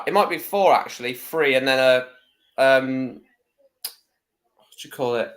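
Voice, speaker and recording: A man's voice: medium pitch, a little slow. A man appearing as a guest on a live football stream, chatting casually and hesitating as he searches for words. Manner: relaxed, chatty, hesitant with fillers. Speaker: guest co-commentator.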